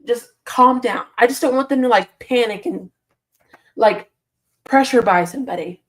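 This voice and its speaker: A woman's voice: a little high, normal speed. A woman hosting a casual live stream, reading viewer comments aloud and answering them with frequent laughs, sleepy and yawning. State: sleepy, yawning early in the morning. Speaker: football channel host reading live chat.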